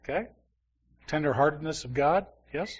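A man's voice: on the high side, moderate pace, breathy edge, dull audio. Conversational man teaching a Bible class. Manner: conversational, asks the class questions.

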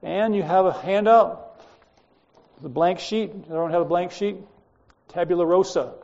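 A man's voice: high-pitched, moderate pace, vocal fry, a little mellow, lo-fi sound. A man teaching a Bible class, lecturing and telling stories from his school days to students, speaking to them directly in a chatty way.

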